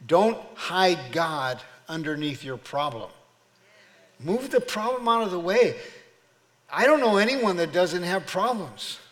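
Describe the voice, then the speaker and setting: A man's voice: high-pitched, big pitch swings, measured pace, fairly bright tone. A man preaching a sermon as pastor, exhorting his church in a preacherly call-and-response manner. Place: church sanctuary. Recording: long reverb of a church hall.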